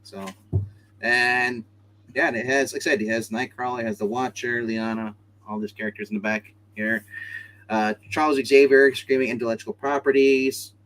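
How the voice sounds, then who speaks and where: A man's voice: medium pitch, level tone, moderate pace, fairly bright tone. A man casually showing off comics, rambling and joking as he goes. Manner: rambling and jokey. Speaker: co-host showing his comics. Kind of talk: casual chat.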